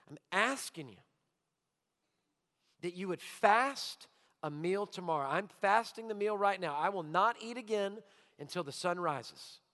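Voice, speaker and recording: A man's voice: sits high, fairly bright tone. A middle-aged man preaching a sermon as pastor, emphatic, repeating his key lines for his congregation. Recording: long hall reverb.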